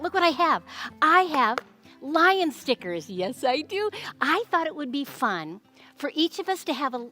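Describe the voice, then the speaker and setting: High, animated woman telling kids' Bible stories. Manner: animated, sing-song, talking to young kids. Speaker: children's church storyteller. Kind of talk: Bible story time for children.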